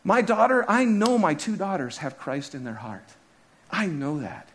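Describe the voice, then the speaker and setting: A man in his thirties preaching a sermon as a pastor, telling stories with his voice rising high and dropping low. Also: a little slow, a little hiss or hum. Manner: animated storytelling, voice rising and dropping sharply.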